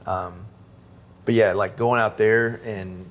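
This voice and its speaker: A man with a lowish voice hosts a podcast in loose, casual conversation. He talks in a relaxed way, filling gaps with "like" and "you know". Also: slow. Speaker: podcast host. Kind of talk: casual interview chat.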